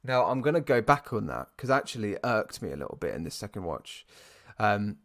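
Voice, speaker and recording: Animated British man ranting about a film. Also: on the low side, fairly quick, creaky. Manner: animated, ranting, with many restarts. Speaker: podcast co-host. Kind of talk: casual film review chat.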